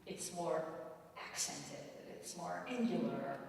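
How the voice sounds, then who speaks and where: A woman from Michigan giving a lively, joking choral conducting workshop lecture at a conference. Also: lowish voice, slow pace, distant mic, a little hiss or hum. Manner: lively, joking, animated storytelling. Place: conference hall. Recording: roomy hall, voice from afar.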